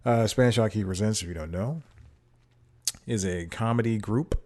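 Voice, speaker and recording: A man with a lowish voice rambles through a casual solo podcast intro, cracking self-deprecating jokes and laughing at himself. He talks into a desk microphone at home. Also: moderate pace, a little mellow. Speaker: podcast host. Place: home room with TV playing.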